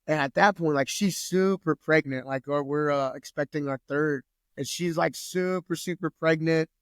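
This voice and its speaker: Guy, 30s, relaxed profane storyteller, slightly high voice, dry close mic. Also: moderate pace, clean tone, no room sound. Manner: loose, profane, lots of "like". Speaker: podcast guest. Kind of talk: casual storytelling.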